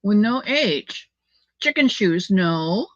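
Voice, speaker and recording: A woman's voice: medium pitch, animated, takes it slowly, a bit bright, dry recording. An older woman hosting a casual livestream, chatting affectionately with viewers and reading their comments aloud. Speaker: livestream host reading chat. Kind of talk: casual chat. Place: home. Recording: dull lo-fi dry sound.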